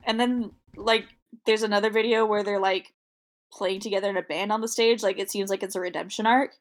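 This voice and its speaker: A woman's voice: mid-range voice, steady tone, a little fast. A woman in casual podcast chat, joking and imitating sounds.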